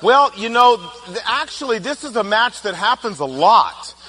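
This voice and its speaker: A middle-aged man giving a humorous, animated talk, telling family stories and acting out quotes. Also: high-pitched, unhurried, slight background noise. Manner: animated storytelling, playful, acts out quotes. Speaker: speaker on personality types.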